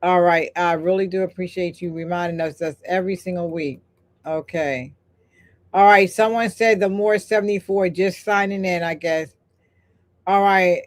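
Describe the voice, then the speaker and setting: A woman's voice: on the low side, steady tone, moderate pace. An older woman hosting a live stream, talking in an emphatic, repetitive, preacher-like cadence and breaking off for chatty asides while she reads the chat. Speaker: host. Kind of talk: live-stream talk reading chat comments.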